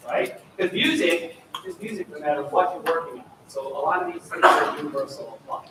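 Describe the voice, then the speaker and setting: A choir clinician coaches a student choir through rehearsal, encouraging and demonstrative, singing phrases to show how they should go. His high voice swoops wildly in pitch and moves fairly quickly with few pauses. The mic is far off in an echoey hall, and there's background noise.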